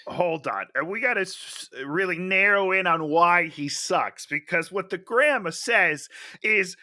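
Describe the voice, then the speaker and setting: A man co-hosting a comedy movie review podcast, talking in a sarcastic, animated way and acting out lines from the film. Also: high-pitched, measured pace, no room sound, studio quality. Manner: animated, sarcastic, acts out characters' lines in big voices. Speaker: podcast co-host.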